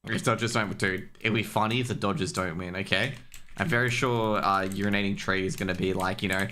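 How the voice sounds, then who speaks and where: A young man streaming, chatting casually in a loose, profane, rambling way full of fillers and restarts, getting louder as he rants. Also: on the low side, fairly even intonation, a little fast, a little hiss or hum. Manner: gets worked up and louder when ranting.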